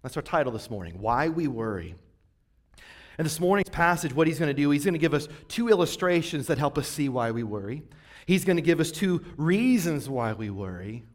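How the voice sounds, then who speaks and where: A male pastor in his forties preaches in a relaxed, conversational tone, with a voice that sits somewhat high for a man. He keeps drawing the congregation in with rhetorical questions, and his pace and volume ease up and down as he builds his points. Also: a little fast. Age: 40s. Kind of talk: sermon.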